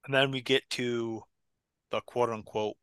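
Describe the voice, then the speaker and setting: A man's voice: mid-range voice, fairly even intonation, unhurried, a bit bright, clear, resonant tone, no echo, clean studio sound. A man co-hosting a casual podcast watchalong, argumentative and joking as he talks over a match. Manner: argumentative, joking, breaks into laughter. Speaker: podcast co-host.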